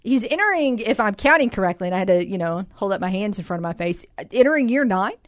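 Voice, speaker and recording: A woman's voice: mid-range voice, lively intonation, fast talker, dry recording, clean studio sound. A woman co-hosting a sports radio show in a chatty, laughing, self-deprecating way. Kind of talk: casual sports radio chat.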